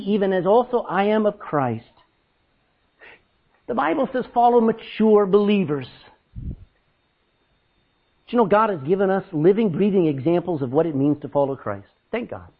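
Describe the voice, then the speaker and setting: A man preaching a sermon, telling stories loudly and acting out what people said. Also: sits high, narrow, tinny audio. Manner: loud, animated preaching with acted-out quotes. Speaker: pastor. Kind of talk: storytelling sermon.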